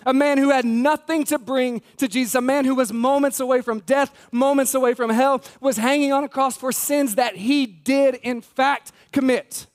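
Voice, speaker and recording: A man's voice: very high-pitched, fairly even intonation, moderate pace, few pauses. A man preaching a sermon as pastor, earnest and emphatic, repeating key words and speaking straight to the congregation. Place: church sanctuary.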